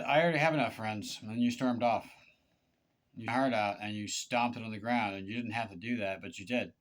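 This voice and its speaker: A man speaks in a fairly low register with a smooth, clear tone. He talks straight to one person in a confessional monologue, halting and aggrieved, stumbling into repeated words and restarts as he pleads his case. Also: fairly bright tone. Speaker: vlogger.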